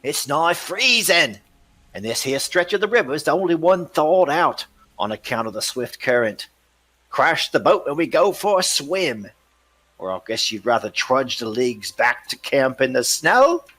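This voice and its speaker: A man voicing a gruff, greedy male boatman smuggler, coarse and boastful. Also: fairly high pitch, very animated, normal speed, pushed and bright, pitched above the performer's own voice, full character voice. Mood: grumbling.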